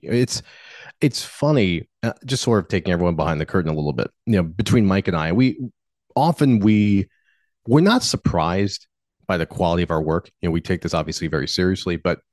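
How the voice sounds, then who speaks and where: Deep-voiced man with lively, halting talk. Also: dry recording, studio quality. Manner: halting, self-correcting with many you knows. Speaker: podcast co-host. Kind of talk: casual podcast talk.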